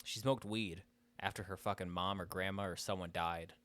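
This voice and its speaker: A man's voice: low voice, fairly even intonation, normal speed, a bit bright. A young man co-hosting a podcast in casual, crude, joking banter full of swearing. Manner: crude, swears a lot, jokey. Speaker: podcast co-host.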